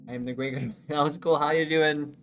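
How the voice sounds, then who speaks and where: A live streamer chatting with viewers, excitable, exclaiming and often laughing. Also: medium pitch, fairly quick, muffled recording, over music.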